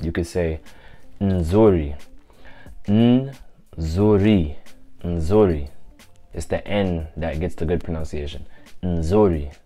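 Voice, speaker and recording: A low-voiced male language teacher gives a casual lesson, repeating phrases slowly and clearly while explaining in a relaxed, loose way with fillers.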